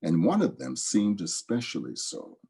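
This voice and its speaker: A man tells old folk tales aloud with a dramatic, lively delivery. His voice is husky, mellow and warm. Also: lowish voice, normal speed. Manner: dramatic, expressive storytelling. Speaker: storyteller.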